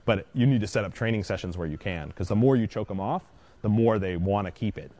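A man's voice: on the low side, brisk, dark tone. A man dog trainer explaining a technique in a casual, conversational teaching style, often checking in with the listener.

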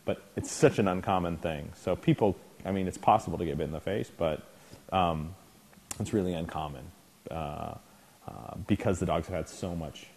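Speaking at a moderate pace in a low, creaky, slightly mellow voice, a man runs a dog-trainer clinic as an informal lecture. He keeps it conversational, often checking in with his trainees and acting out scenes.

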